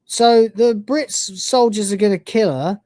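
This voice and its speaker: A man's voice: sits high, measured pace, mellow, dry recording. Man ranting in a dry room. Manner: swearing, exasperated ranting. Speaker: host. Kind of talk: casual live-stream review chat.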